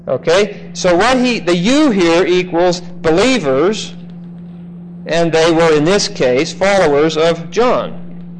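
A man teaching a classroom Bible lecture, slow and emphatic, often checking in with "okay?". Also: fairly high pitch, a little hiss or hum, low-quality recording.

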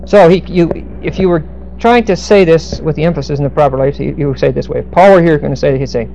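A man's voice: on the high side, fast talker, vocal fry, dark tone, a little hiss or hum, low-quality recording. A middle-aged man preaching a verse-by-verse sermon, explaining Greek grammar with asides and dry humor. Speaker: pastor.

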